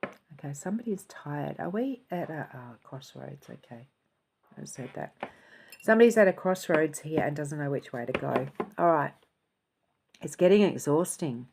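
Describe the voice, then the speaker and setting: A woman's voice: sits low, lively intonation, normal speed, gravelly, darkish tone, slight background noise. A woman talking to camera as an intuitive channeler, giving a casual spiritual reading and thinking aloud as she goes. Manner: chatty, thinking aloud, yawning and laughing.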